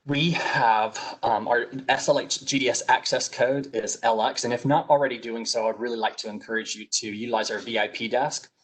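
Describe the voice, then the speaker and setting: A man's voice: medium pitch, steady tone, a little fast, few pauses, breathy edge, low-quality recording. A man with a Southern US accent hosting a webinar over a video call, reading announcements politely with frequent fillers, a little sick. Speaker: webinar host.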